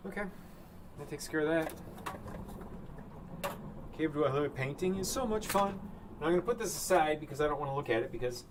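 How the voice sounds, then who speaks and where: A man chatting casually while he paints live. He rambles offhand and thinks out loud in a room indoors. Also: on the high side, a little fast, long pauses, noisy background. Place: indoor studio room with a sunny window.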